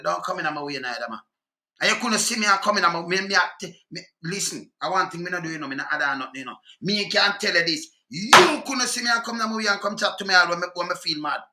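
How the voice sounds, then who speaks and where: Jamaican guy ranting mad, cussing a lot, high bright voice, echoey room. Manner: heated, profane, scolding. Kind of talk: angry rant reacting to clips.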